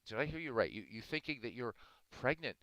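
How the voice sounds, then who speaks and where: A man's voice: medium pitch, animated, a bit bright, clean tone, dry recording, voice pushed up, low-quality recording. A man doing a stammering, flustered priest. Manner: stammering, hurried.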